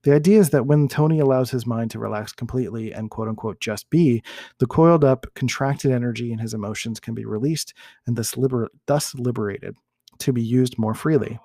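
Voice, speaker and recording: A man hosting a podcast, reading a case study aloud in a measured way with small self-corrections. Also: medium pitch, dark tone, no echo, studio quality. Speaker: podcast host.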